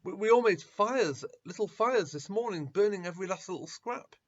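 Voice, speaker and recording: A man voicing anxious young male disciples who stammer and protest loudly, on a dull lo-fi recording. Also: a little high, animated, normal speed, gravelly, husky, pitched above the performer's own voice, exaggerated voice.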